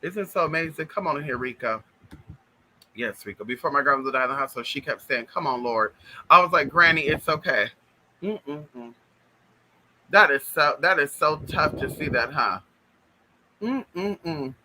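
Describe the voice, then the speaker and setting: A man telling spiritual stories in an animated, chatty way, talking straight to his listeners. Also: a little high, normal speed, long pauses, slight background noise, low-quality recording. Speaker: spiritual vlogger. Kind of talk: casual spiritual storytelling.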